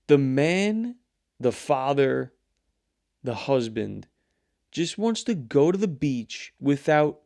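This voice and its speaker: Gravelly-voiced man ranting on his show. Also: mid-range voice. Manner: rambling, profane, animated ranting. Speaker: show host. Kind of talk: casual solo commentary.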